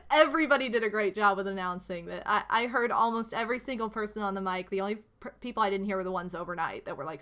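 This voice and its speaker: Bubbly bright-voiced young woman streamer. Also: high-pitched. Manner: gushing and excitable, many "like"s and restarts. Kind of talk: casual stream chat.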